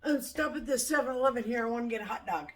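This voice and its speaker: A woman's voice: on the high side, quick pace, far from the mic, pitched above the performer's own voice, lightly acted. A woman quoting a drunk, pushy male passenger in her own slightly raised voice while telling a story. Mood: sleazy.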